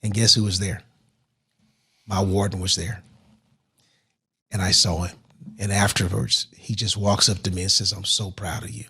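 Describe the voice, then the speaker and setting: A middle-aged man, a guest in an interview, telling his life story with lively swells and sudden quiet drops. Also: sits low, moderate pace, long pauses, slightly rough. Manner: animated storyteller who drops to a hush at emotional moments. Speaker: interview guest, motivational speaker.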